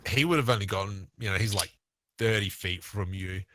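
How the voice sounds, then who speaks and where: A man with an Australian accent narrating a tabletop game as game master, relaxed and thinking aloud. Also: on the low side, moderate pace, slight background noise.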